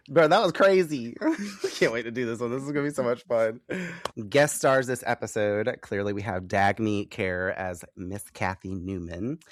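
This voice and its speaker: A young man co-hosting a casual podcast, animated and giggly, swearing casually as he chats. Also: on the low side, no echo. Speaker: podcast co-host.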